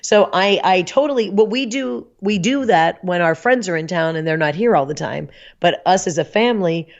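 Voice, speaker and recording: A woman podcast guest chatting casually, telling animated stories and laughing often. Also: on the low side, normal speed, gravelly, lo-fi sound. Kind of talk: casual chat.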